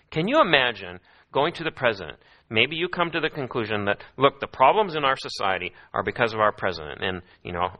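A man preaching a sermon, telling a Bible story with animated, playful voiced quotes. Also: on the low side.

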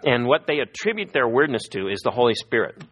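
A man's voice: medium pitch, brisk, husky. A middle-aged man preaching a sermon as a pastor, telling stories and acting out the people he quotes. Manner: lively storytelling, acting out quoted voices.

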